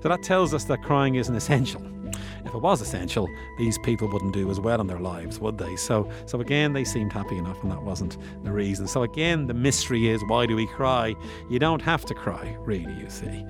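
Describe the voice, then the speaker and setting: A man's voice: fairly low pitch, lively intonation, brisk, over music. A man hosting a podcast, explaining science in a casual, musing way with self-deprecating asides. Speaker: podcast host.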